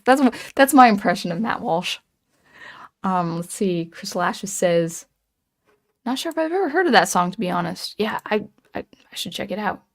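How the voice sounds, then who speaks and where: A woman's voice: medium pitch, a little mellow. A woman hosting a livestream, reading chat comments and musing aloud in casual chat, hesitant with many ums and restarts.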